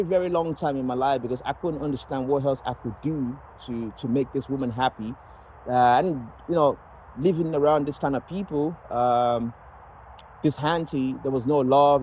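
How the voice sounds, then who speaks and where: A man's voice: mid-range voice, dark tone, a little hiss or hum, poor audio. A man from Nigeria telling a personal story in a loose, rambling way, full of fillers and restarts. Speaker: vlogger sharing personal story.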